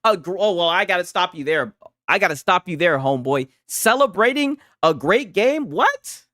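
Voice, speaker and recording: A man's voice: high voice, expressive, moderate pace, bright, forceful tone, no room sound, studio quality. A man doing casual gaming reaction commentary, profane and mocking, who keeps asking "right?".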